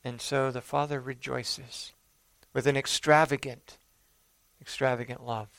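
A man preaching a sermon, retelling a parable in an earnest storytelling manner, rising for emphasis and dropping soft. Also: medium pitch, level tone, measured pace, gravelly, dry recording.

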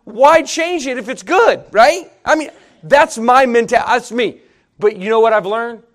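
A man's voice: extremely high pitch, moderate pace, a bit bright. A middle-aged man preaching a sermon, telling folksy stories and talking straight to the congregation. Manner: folksy, storytelling preacher, addresses congregation directly. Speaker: pastor.

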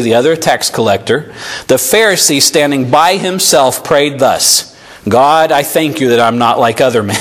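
A man's voice: medium pitch, a bit bright, breathy edge. A male pastor preaching an earnest sermon to his church and reading scripture aloud. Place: church sanctuary.

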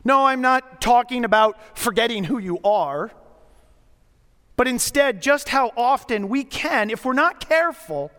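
A middle-aged man preaching a sermon as a pastor, telling stories in a conversational way with dramatic pauses. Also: very high voice, animated, pushed and bright. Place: church sanctuary. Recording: long hall reverb.

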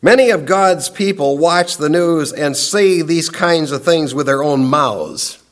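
Man, preacher, high voice, emphatic sermon, rises and drops in volume. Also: a little slow. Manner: emphatic, swings from raised to hushed.

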